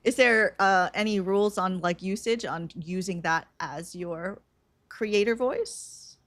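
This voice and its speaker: A woman co-hosting a podcast in casual chat, measured in manner and asking thoughtful questions. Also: mid-range voice, a bit bright, no room sound. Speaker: podcast co-host.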